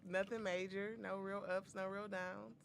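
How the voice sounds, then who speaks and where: A co-host on a podcast making quick dry quips in casual chat. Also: female voice, mid-range voice, flat delivery, vocal fry, slight background noise.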